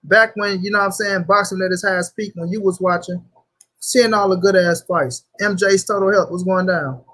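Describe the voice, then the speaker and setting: A man's voice: sits high, steady tone, moderate pace, a bit bright. A young man hosting a casual livestream, talking loosely in slang and greeting viewers by name. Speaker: livestream host.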